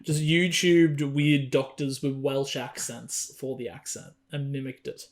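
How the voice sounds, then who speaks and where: A man's voice: medium pitch, measured pace. A man co-hosting a casual film review podcast, joking and laughing often. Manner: laughs often, jokey, animated. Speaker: podcast co-host.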